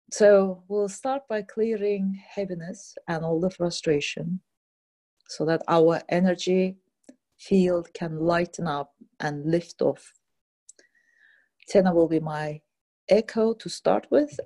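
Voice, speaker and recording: A woman's voice: lowish voice, mellow. Soothing woman leading a healing session. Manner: slow, soothing, leads call-and-repeat phrases. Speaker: energy healing teacher.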